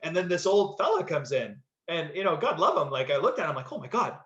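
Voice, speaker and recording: A man's voice: on the high side, big pitch swings, a little fast, a bit bright. A man, an actor, casually telling a story in a rambling way, with many fillers and restarts. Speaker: actor, podcast guest. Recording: slightly dull echoey room sound.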